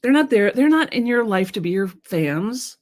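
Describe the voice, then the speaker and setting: Speaking a little high and at a moderate pace, this woman runs a coaching talk streamed live. She reads out comments from viewers, talking frankly and with animation while tossing in casual swearing.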